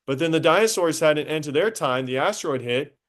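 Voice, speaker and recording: A man teaching a high school biology class, casual and talkative, stopping to quiz students directly. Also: lively intonation, fast. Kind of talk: classroom lecture.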